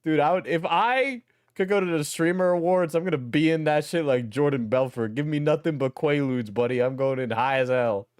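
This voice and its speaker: A streamer giving casual, profane reaction commentary on an award show clip, incredulous and quick to laugh. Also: medium pitch.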